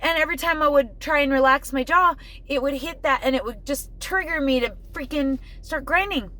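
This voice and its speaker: A woman's voice: high voice, a little fast, bright, forceful tone. A middle-aged woman talking casually to camera in a family vlog, chatty and emotional, full of "like". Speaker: family vlogger. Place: in her car, then at home.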